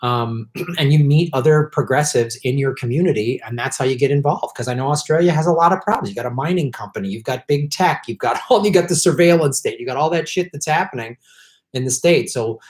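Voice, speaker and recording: A man hosting a casual live stream, chatting with viewers, clearing his throat often and swearing in frustrated outbursts at the tech. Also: mid-range voice, fairly quick. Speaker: political comedian and live stream host.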